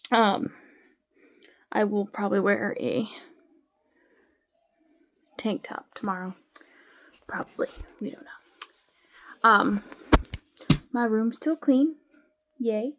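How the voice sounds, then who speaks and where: A woman chatting casually to camera at home, rambling with sighs and frequent fillers. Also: mid-range voice. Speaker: vlogger. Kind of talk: casual chat.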